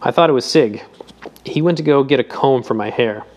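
A man's voice: medium pitch, fairly quick, a little mellow, lo-fi sound, lightly acted. A man reading aloud voices a distraught young woman who is crying and pleading through her sobs. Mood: tearful. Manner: pleading, sobbing.

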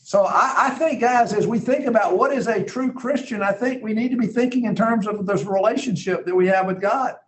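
A man's voice: high voice, fairly quick, few pauses, slight background noise, rough recording. A man teaching a Bible class in a conversational way, earnest and emphatic, thinking aloud as he reads scripture.

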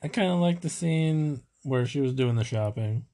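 A man's voice: fairly high pitch, animated, moderate pace, warm tone. A man co-hosting a casual movie chat, speaking in a laid-back, hesitant way with many fillers.

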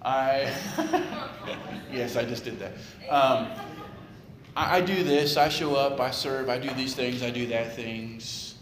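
A man's voice: mid-range voice, unhurried, crowd noise. A male pastor giving a conversational sermon, tossing in jokes and rhetorical questions. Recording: echoey room with clear background noise.

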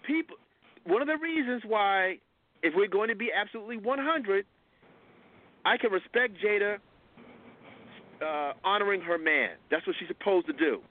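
A high-pitched man hosting a call-in radio show, pressing his point and talking over anyone who cuts in. His voice comes through a narrow, phone-like line. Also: lively intonation, normal speed, pauses often, dry recording. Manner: insistent, talks over interruptions.

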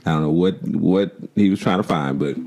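A man's voice: low-pitched, normal speed, creaky, very noisy. A man co-hosting a casual sports chat, laid-back and dryly teasing. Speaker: podcast co-host.

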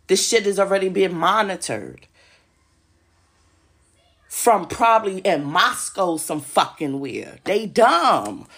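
Gravelly-voiced woman ranting, profane and agitated. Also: on the low side, a bit bright. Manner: agitated, profane, repeats herself. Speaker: podcast host. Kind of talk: casual monologue to listeners. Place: home.

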